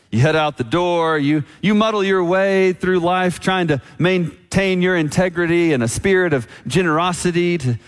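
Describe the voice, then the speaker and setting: A man preaching a sermon as pastor, telling a story and slowing down on key lines. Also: fairly high pitch. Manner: storytelling, slows down for emphasis. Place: church sanctuary. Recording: long church reverb.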